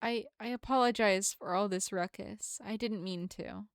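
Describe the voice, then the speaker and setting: A woman's voice: medium pitch, moderate pace, no room sound, lightly acted. A woman voicing an earnest, polite young woman who talks in formal, apologetic phrases, reading a visual novel aloud with a dry sound. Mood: downcast.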